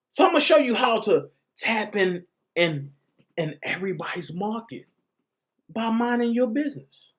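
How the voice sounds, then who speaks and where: A man giving casual commentary as a vlogger, talking in slang and reading documents aloud. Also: high voice.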